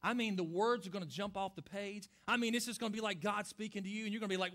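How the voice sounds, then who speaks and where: A middle-aged pastor preaching in a voice pitched high for a man. He talks earnestly and conversationally and keeps putting direct questions to his listeners. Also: fairly even intonation, fast, fairly bright tone. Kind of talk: sermon answering questions.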